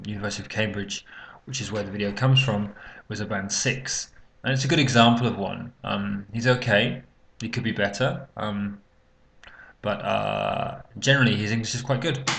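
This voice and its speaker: A man's voice: fairly low pitch, vocal fry, fairly bright tone. A man teaching an English speaking exam lesson, talking unscripted and hesitantly with many fillers and restarts.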